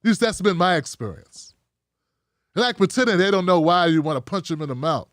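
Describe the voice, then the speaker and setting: High-voiced man rambling on his show. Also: expressive, brisk, no room sound, studio quality. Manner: rambling, conversational, frank. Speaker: show host. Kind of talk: casual commentary livestream.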